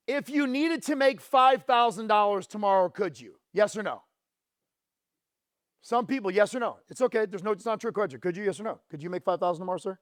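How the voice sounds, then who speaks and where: High-voiced man telling his story from a stage. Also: dry recording, clean studio sound. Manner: confessional storytelling, direct questions to the audience; drops low and quiet on painful memories, rises and speeds up when fired up. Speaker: motivational speaker. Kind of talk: motivational keynote talk. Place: conference stage.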